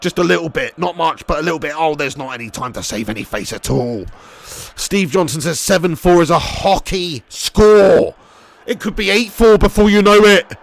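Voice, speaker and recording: Young male streamer, high gravelly voice, sweary excitable game commentary and chat banter. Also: moderate pace, no echo. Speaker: gaming live streamer.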